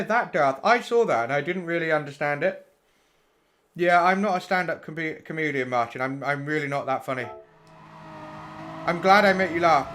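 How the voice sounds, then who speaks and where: A man's voice: fairly high pitch, fairly bright tone, a little hiss or hum. Sweary man commentating races. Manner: blunt and sweary, chatting with viewers. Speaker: sim racing streamer. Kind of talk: live commentary on race replays.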